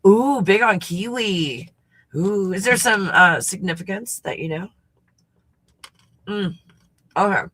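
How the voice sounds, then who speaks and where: Husky chatty woman livestream host. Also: medium pitch, lively intonation, slow pace, long pauses, a bit bright. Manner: chatty, swears freely, reacts to viewer comments. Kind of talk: casual livestream chat.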